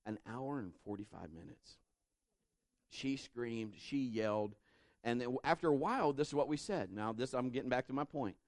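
A man's voice: mid-range voice, normal speed, dry recording, clean studio sound. A middle-aged man preaching a sermon, telling a family story and acting out the voices in it. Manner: animated, acts out voices in his stories.

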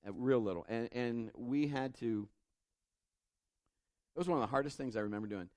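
A middle-aged man with a medium-pitched voice preaches a sermon at a moderate pace, recorded without echo. He animatedly tells a family story and acts out the voices of the people in it.

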